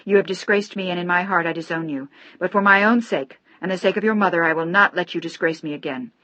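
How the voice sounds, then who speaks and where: A woman's voice: lowish voice, fast, fairly bright tone, no echo, natural voice. A woman voicing a stern, furious older father who hurls cold, contemptuous accusations at his daughter, in an audiobook reading.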